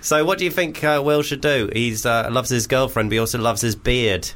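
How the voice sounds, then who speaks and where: A man hosting a casual comedy radio show, quick and joking, often laughing. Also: medium pitch, a bit bright. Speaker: radio host.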